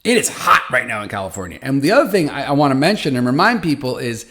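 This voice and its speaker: A man's voice: medium pitch, very animated, fast talker, a bit bright. A man hosting a foundation podcast, talking casually and animatedly from his office, often restarting phrases. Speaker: podcast host for a patient foundation. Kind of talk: casual monologue. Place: hot office.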